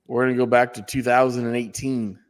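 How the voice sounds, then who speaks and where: A man's voice: mid-range voice, little pitch movement, brisk. A man co-hosting a wrestling podcast, talking bluntly and swearing freely in casual chat. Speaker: podcast co-host. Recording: long echoey reverb.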